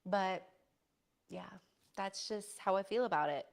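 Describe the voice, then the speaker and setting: A woman's voice: mid-range voice, a little slow, gravelly. A young woman chatting casually on a live stream, rambling through stories and answering chat with playful slang.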